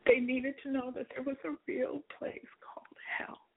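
Woman author reading her memoir aloud, high-pitched, earnest and emotional, phone-quality audio. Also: level tone, moderate pace, slight background noise. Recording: tinny phone-like sound.

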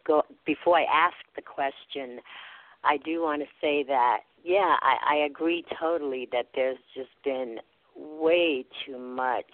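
A woman calling in to a faith talk show, speaking earnestly, pausing often and restarting her sentences. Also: rumbling low, dry recording. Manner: earnest, halting, with frequent fillers and restarts. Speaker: caller. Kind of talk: phone-in talk about faith. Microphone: phone. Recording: tinny phone line.

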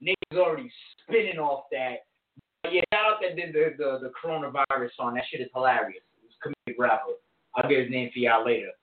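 A man chatting casually in relaxed slang, off to the side of the main speaker. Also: mid-range voice, quick pace. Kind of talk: casual chat from off-mic. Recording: distant echoey phone-like audio.

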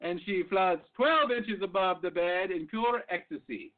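A man doing a slow smug husband. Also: high-pitched, narrow, tinny audio. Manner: slow, drawn-out bragging.

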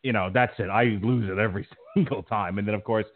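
Middle-aged man, podcast host, low voice, rambling chat, tinny phone-quality line. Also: steady tone, fast. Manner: stumbling, rambling storyteller with many restarts. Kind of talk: casual chat.

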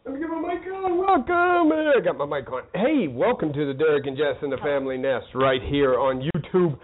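A man co-hosting a relaxed chat show, talking in a slightly high voice. He rambles and restarts when he gets flustered. The sound is thin and tinny, like a phone line. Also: a little fast, noisy background. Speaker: co-host. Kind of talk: casual chat. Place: small studio.

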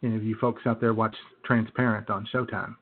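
A man's voice: fairly low pitch, level tone, fairly quick. A man co-hosting a radio talk show, telling stories casually with many fillers. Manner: rambling storyteller with many fillers. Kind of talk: casual chat. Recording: tinny phone-like sound.

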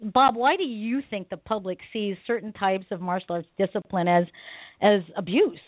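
A woman hosting a talk radio show, telling her own stories in a lively, casual way and laughing often. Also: mid-range voice, normal speed, no room sound. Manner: animated storytelling, laughs often. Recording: tinny phone-line sound, dry.

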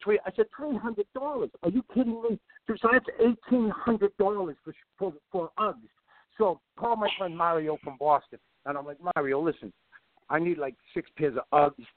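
A middle-aged man telling long rambling stories in a casual, animated way. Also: on the high side, moderate pace, no echo. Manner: rambling, animated, repeats himself. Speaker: guest. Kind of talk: casual storytelling. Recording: tinny dry call line.

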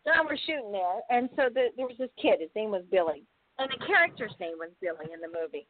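An actress guest in a casual interview, telling a profane story in an animated way, with laughs. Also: female voice, medium pitch, quick pace, no room sound. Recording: dry, tinny phone-like sound.

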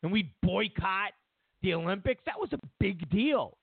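High, gravelly ranting male host. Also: expressive, moderate pace, no echo. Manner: sarcastic, mocking, ranting. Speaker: talk show host. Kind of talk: political commentary monologue. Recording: tinny phone-like dry sound.

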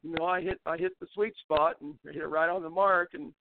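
A man's voice: fairly high pitch, steady tone, fairly quick, slight background noise. An older man, telling rambling folksy stories as an interview guest and often restarting his sentences. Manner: rambling folksy storyteller, frequent restarts, laughs at his own tales. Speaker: interview guest, former baseball pitcher. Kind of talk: storytelling in a casual interview. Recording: tinny phone line.

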